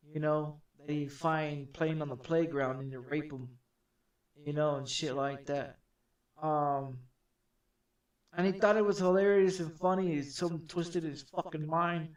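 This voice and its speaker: A man streaming from his home gaming setup, telling a story in a rambling, profane, repetitive way that turns loud and heated. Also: on the high side. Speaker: game streamer. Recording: echoey room, distant from the mic.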